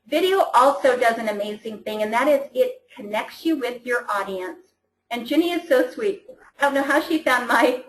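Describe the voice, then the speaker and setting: A woman's voice: fairly high pitch, roomy sound, slight background noise, poor audio. Chatty, upbeat woman coaching her team. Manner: chatty, enthusiastic, frequent restarts. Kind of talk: casual training call.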